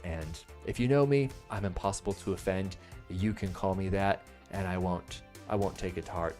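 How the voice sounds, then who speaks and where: Brief: American man in his thirties, lowish voice, jokey live-stream host who swings from loud bursts to hushed asides, faint music underneath. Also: normal speed. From United States. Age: 30s. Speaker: livestream product reviewer. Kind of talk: live-stream product pitch.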